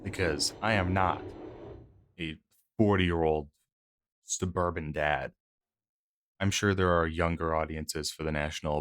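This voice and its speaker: Deep-voiced sarcastic male gamer. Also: fairly even intonation, measured pace, long pauses, fairly bright tone. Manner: sarcastic, joking. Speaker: gameplay commentator. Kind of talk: let's play commentary.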